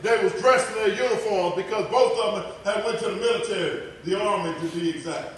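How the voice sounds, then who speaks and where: A fairly high-voiced middle-aged man from tells his story as a motivational speaker, swinging from loud to hushed. His rings through a big echoey room, picked up from some way off the mic with a faint hiss underneath. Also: a little fast. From Texas. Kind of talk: personal testimony speech. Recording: echoey hall, voice far from mic.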